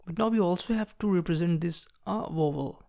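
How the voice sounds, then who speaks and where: Lowish woman teaching shorthand step by step. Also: a little fast, creaky, warm tone. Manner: patient, explains while writing, frequent "okay, so see". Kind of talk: step-by-step tutorial.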